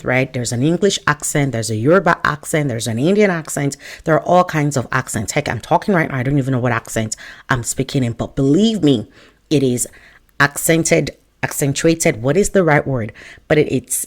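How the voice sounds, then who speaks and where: A woman career coach talks straight to the camera. She is chatty and animated, and she drops joking asides into her advice. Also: extremely low pitch, fairly quick. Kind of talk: direct-to-camera advice talk.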